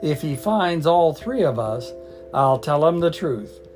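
A man's voice: on the high side, very animated, a little slow, darkish tone, faint music behind, pitched above the performer's own voice. A man reading as an indignant schoolgirl witch. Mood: insistent. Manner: indignant, scolding. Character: bossy know-it-all schoolgirl witch.

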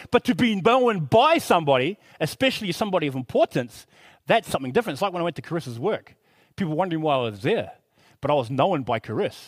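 Male preacher, high-pitched, excitable and conversational, dry close sound. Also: no echo. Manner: excited, conversational preaching with repeated rhetorical questions. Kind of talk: sermon.

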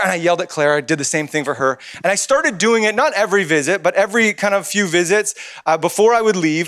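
Male church speaker, slightly high voice, lively and funny storyteller. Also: fast. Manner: animated, humorous storytelling. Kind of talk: storytelling sermon.

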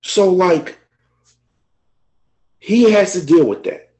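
A man's voice: sits high, animated, slow pace, darkish tone, poor audio. A man co-hosting a podcast, talking openly and emotionally in casual chat, swearing freely. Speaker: podcast co-host.

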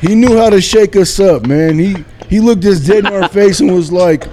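A man, a barber, telling a story in a casual chat, slow and animated. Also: high-pitched, a little hiss or hum.

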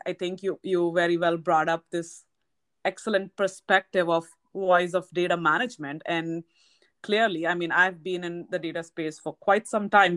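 Woman podcast host, lowish voice, measured and affirming. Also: a bit bright. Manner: affirming, measured, often checks in with "right?". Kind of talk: conversational interview.

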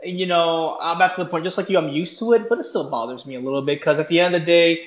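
A man's voice: a little high, fast. Chatty man in an echoey room. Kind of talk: casual chat.

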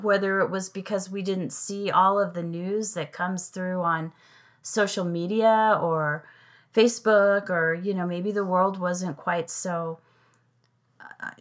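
A middle-aged woman from the United States, a podcast guest, chatting casually and telling a travel story in a rambling way, trailing off and restarting. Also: medium pitch. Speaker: podcast guest, mother of the host. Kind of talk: casual chat.

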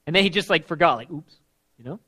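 High-voiced man preaching casually. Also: lively intonation, fast, husky. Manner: conversational, emphatic, swings between loud and hushed. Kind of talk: casual sermon.

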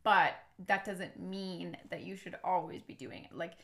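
A woman's voice: on the low side, measured pace. A woman hosting a podcast in loose, casual conversation. She tells stories with energy and doesn't mind a curse word or two. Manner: animated storyteller, swears freely. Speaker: podcast host. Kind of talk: casual chat.

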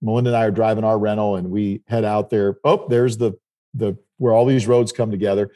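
A man's voice: lowish voice, fairly even intonation, fairly quick, warm tone. A middle-aged man from South Dakota telling a rambling travel story in casual chat. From South Dakota, United States. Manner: rambling anecdotal storytelling with restarts.

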